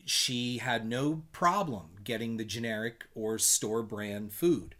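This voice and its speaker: A man in his fifties chatting with his spouse, a dry, teasing, unhurried storyteller. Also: medium pitch, pushed and bright.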